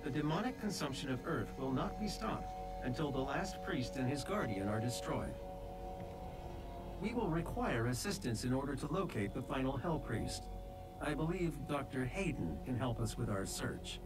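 Calm formal AI voice, voiced by a man. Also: medium pitch, lightly acted. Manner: measured, formal briefing tone. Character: calm, formal male AI guiding a soldier. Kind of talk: video game dialogue. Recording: game audio from far off with music. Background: game music.

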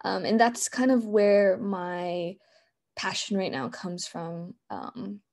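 A woman gives an informal conference presentation over a video call. Her voice is mellow and warm, and her speech is chatty, with many fillers and restarts. She sits at middle pitch. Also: slow pace. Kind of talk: casual live online presentation.

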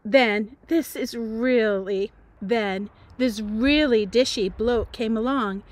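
A teacher reading a novel aloud in a dramatic, playful voice, with chatty asides. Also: female voice, a little high, takes it slowly, dry recording. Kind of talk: expressive read-aloud narration.

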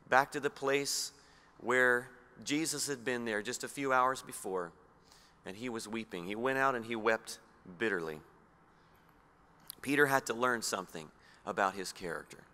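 A man from Australia preaching a sermon, reading scripture slowly and low and putting questions to his listeners. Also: sharp tone. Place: church hall. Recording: long hall reverb.

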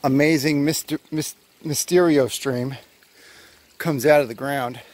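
A man's voice: a little high, steady tone, a little slow, darkish tone. A man chatting to himself in a casual hiking vlog, rambling and joking as he walks a forest trail outdoors. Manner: rambling, joking self-talk. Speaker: vlogger.

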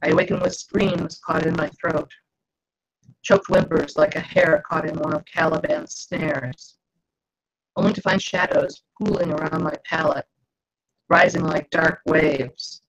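A woman author reading her novel aloud in first person, with measured storytelling narration over a video call. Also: low-pitched, big pitch swings, gravelly. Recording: dull lo-fi video call audio.

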